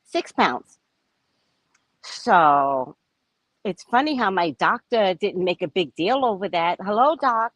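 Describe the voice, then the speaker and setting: A woman telling a story to her viewers in a chatty, frank and animated vlog, now and then profane. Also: mid-range voice, slow pace, long pauses, dry recording, low-quality recording. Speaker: vlogger. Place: at a resort.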